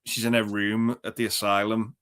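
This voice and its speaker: Male co-host, relaxed and agreeable, chatty conversational delivery. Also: on the low side, moderate pace, clean tone. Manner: easygoing, agreeable, many "yeah"s. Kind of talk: casual chat.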